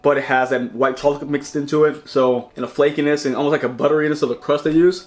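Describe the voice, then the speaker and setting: A man's voice: on the high side, fairly even intonation, fast, few pauses. A man hosting a casual taste-test vlog, rambling and chatty, often talking while chewing. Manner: rambling, chatty, restarts and repeats words. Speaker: snack reviewer and channel host.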